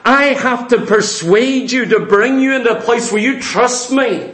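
Man, preacher, emphatic sermon, high-pitched voice, reverberant church hall. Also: measured pace, fairly bright tone. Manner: earnest, emphatic, addresses congregation as saints.

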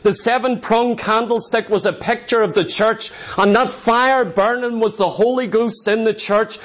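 A man's voice: high-pitched, fairly even intonation, normal speed, a bit bright. A man preaching an impassioned revival sermon, emphatic and repeating phrases for stress.

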